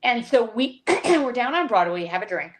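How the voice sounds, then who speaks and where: A woman's voice: fairly high pitch, sing-song, moderate pace. A woman who is a podcast guest, telling an emotional personal story with many restarts over a video call. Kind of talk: conversational storytelling.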